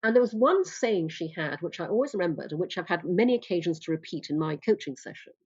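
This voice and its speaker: A woman's voice: lowish voice, animated, quick pace, darkish tone, husky, lo-fi sound. A woman speaking as a guest coach in a casual interview, blunt and emphatic, swearing freely.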